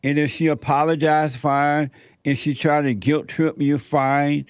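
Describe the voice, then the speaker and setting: A man's voice: on the high side, level tone, measured pace, clear, resonant tone, no room sound, clean studio sound. A middle-aged man hosting a call-in show, giving firm spiritual advice in short repeated commands. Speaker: radio call-in host giving life advice.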